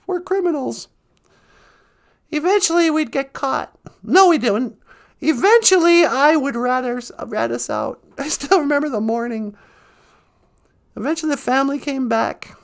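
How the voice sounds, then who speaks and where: A woman's voice: high voice, vocal fry. A woman hosting a podcast, telling a comic story in a chatty manner, laughing a lot and acting out quotes. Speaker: podcast host. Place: outdoors by a lake.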